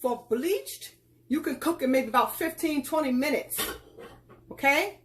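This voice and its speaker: A woman with a slightly high voice walks viewers through a live cooking lesson. She gives folksy, instructive directions and calls her audience child and girl. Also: lively intonation, a little slow, very noisy. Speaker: cooking tutorial host. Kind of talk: casual live cooking demonstration.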